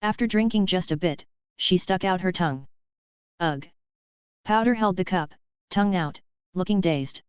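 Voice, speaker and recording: A woman narrating a novel aloud in an even, steady reading voice. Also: lowish voice, normal speed, smooth, no echo, lo-fi sound. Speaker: audiobook narrator. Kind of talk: scripted narration.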